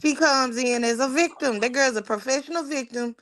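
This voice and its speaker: A woman's voice: high-pitched, brisk, a bit bright. Emphatic woman in casual chat. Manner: emphatic, repeats for effect, casual slang. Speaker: guest.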